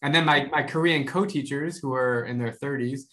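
A man's voice: mid-range voice, moderate pace, bright, forceful tone. A man hosting a podcast, talking casually and chattily with lots of "like" as he interviews his guest. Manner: casual and chatty, heavy use of "like". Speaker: podcast host. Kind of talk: conversational interview.

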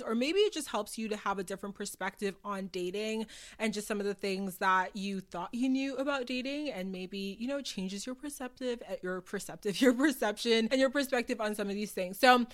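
Bubbly young woman podcast host. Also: medium pitch. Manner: bubbly, gushing, chatty with slang. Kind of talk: casual podcast intro.

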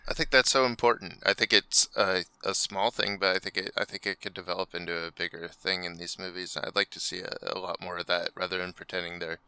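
A man co-hosting a podcast, talking casually about a film in a halting way with many fillers. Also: low voice, fairly even intonation, bright, forceful tone, clear, resonant tone, no room sound. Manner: halting, hesitant, frequent fillers, laughs. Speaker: podcast co-host. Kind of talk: casual film review chat.

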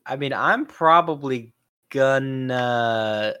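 A man chatting casually as a tabletop game player, relaxed and laughing often. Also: medium pitch, a little fast. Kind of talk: casual chat.

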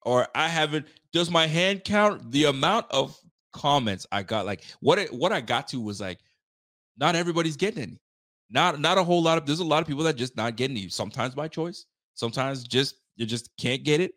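A man's voice: medium pitch, fairly bright tone, dry recording, clean studio sound. Slangy, joking male sports host. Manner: loose, joking, slangy and laughing often. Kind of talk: casual post-game reaction chat. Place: Nova Scotia.

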